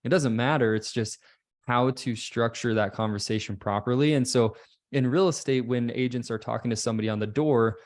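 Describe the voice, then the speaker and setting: Male host and coach, middle pitch, eager and affirming, talks over a video call. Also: a little mellow. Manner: enthusiastic, frequent quick affirmations. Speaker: interview host and real estate coach. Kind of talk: conversational interview.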